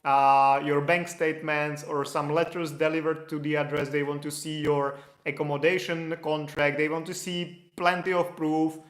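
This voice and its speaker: A man's voice: fairly high pitch, little pitch movement, normal speed, hardly any pauses, reverberant. A man answering viewer questions in a casual, loose explanatory way, with restarts. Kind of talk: casual Q&A livestream.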